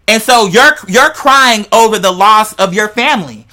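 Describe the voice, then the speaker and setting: Bright voice, forceful delivery, podcast host, casual chat, slangy and profane, rambling theories. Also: medium pitch, moderate pace. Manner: animated, rambling, slangy storyteller; profane, speculative, talks straight to listeners.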